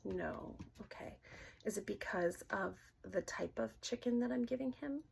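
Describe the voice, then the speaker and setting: A middle-aged woman gently asking questions aloud in a casual session, hesitant and often dropping to a whisper. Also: mid-range voice, gravelly, slight background noise. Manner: soft-spoken, halting, often drops to a whisper. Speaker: dowsing-rod reader.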